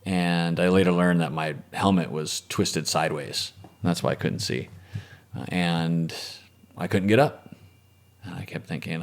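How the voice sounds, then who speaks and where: Deep-voiced man calmly recounting. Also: a little slow. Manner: reflective, matter-of-fact, with frequent restarts and trailing soft phrases. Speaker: interview guest. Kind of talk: podcast interview storytelling.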